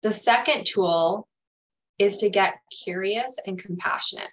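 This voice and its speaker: A woman's voice: medium pitch, fairly even intonation, moderate pace, fairly bright tone, rough recording. A woman career coach giving a webinar talk on self-talk, earnest, sometimes acting out anxious inner voices. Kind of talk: webinar presentation.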